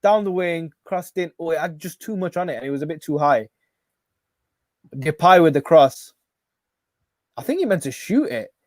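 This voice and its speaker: A man hosting a live football watch-along, excitable and shouting at every chance. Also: on the high side, normal speed, pauses often, dry recording, clean studio sound.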